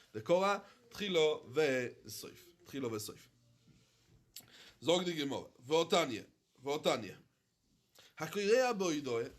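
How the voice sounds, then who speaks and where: A rabbi teaching a Talmud class to students, chanting the Aramaic text and then explaining it in English, often halting and repeating himself. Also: male voice, fairly high pitch. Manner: halting, with frequent restarts and repetition. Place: study hall in London.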